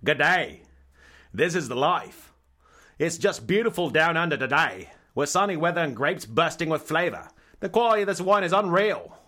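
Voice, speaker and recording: A man's voice: on the high side, very animated, moderate pace, bright, forceful tone, pitched above the performer's own voice, full character voice. A man voicing a cheery, upbeat male Australian winemaker reading an overblown wine blurb.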